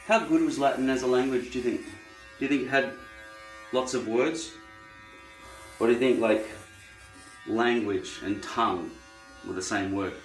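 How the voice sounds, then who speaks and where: Speaking at a measured pace with long pauses, an Australian man with a medium-pitched voice muses wryly to camera while giving himself a hair trim for a casual vlog. An electric trimmer buzzes, and faint music fills the echoey room.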